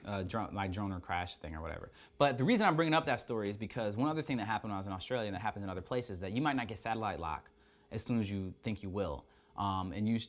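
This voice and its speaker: Fast-talking young man telling a story. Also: mid-range voice. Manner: animated, acts out voices in quoted exchanges. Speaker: drone channel host. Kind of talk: casual storytelling to camera.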